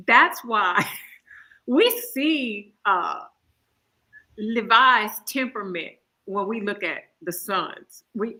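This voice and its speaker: A woman hosting a casual Bible discussion, talking in an animated and emphatic way. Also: medium pitch, poor audio. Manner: animated, emphatic, hollers with laughter. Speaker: host.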